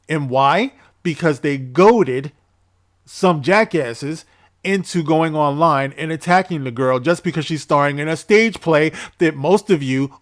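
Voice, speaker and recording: A man's voice: on the high side, unhurried. A man hosting an opinion commentary vlog. He talks to his viewers directly in a lecturing way, calls them "guys", and sometimes reads a statement aloud. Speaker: commentary channel host.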